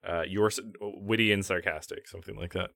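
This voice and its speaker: A low-pitched man in casual podcast chat who rambles through fillers and breaks into laughter a lot. His voice is recorded close and dry, with no room sound behind it. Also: fairly even intonation, a little fast, vocal fry, fairly bright tone, dry recording. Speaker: podcast co-host.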